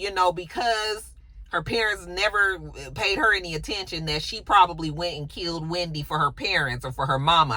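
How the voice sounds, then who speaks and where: A sassy woman recaps a TV episode in casual, chatty talk. Her voice is bright and forceful. The sound is dry and close. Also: lowish voice, no echo. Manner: sassy, chatty, talks back to the characters. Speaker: TV recap vlogger.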